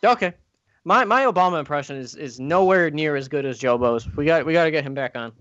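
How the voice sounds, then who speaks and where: A man hosting a podcast, his pitch swinging widely as he jokes and reels off show plugs. The sound is dry and a little dull, with no room around it. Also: lively intonation, fairly quick, a bit bright, no room sound. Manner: joking, plugs the show like an announcer. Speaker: podcast host. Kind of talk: casual chat.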